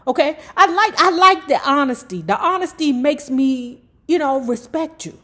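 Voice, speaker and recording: A woman reading a memoir aloud and breaking off into sassy, animated commentary full of cursing asides. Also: high-pitched, normal speed. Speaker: YouTube storyteller.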